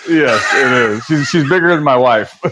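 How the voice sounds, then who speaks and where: A man in his forties, a podcast guest telling stories in a relaxed way and acting out his own past lines with big jumps in pitch. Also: measured pace, crowd noise. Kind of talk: conversational storytelling.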